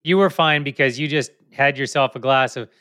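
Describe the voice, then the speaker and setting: A man's voice: mid-range voice, a little fast, pushed and bright, dry recording, clean studio sound. A man hosting a podcast, asking his guest questions in a friendly, teasing way. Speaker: podcast host. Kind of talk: interview questions.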